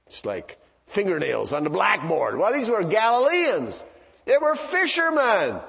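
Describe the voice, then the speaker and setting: A man preaching a sermon in a church, telling stories in a conversational, digressive way with many asides. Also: sits high. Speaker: pastor. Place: church sanctuary. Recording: long church reverb.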